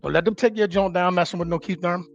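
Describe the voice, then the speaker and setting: Gravelly, blunt man talking shop. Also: high voice, fast talker, dull audio, faint music behind. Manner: blunt, wry and emphatic, talks in street slang. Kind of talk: casual live-stream talk.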